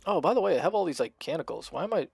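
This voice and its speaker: A man streaming a strategy game, chatting casually and thinking out loud as he plays, with frequent fillers and restarts. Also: a little high, lively intonation, rapid-fire, vocal fry, breathy edge, dry recording. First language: Russian. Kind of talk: casual gameplay commentary.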